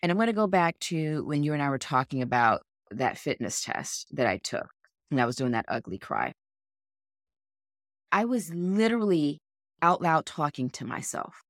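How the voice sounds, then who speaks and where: A woman's voice: low-pitched, sing-song, moderate pace, no room sound, clean studio sound. A woman co-hosting a podcast in an earnest, encouraging coaching tone. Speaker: podcast co-host. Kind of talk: motivational casual chat.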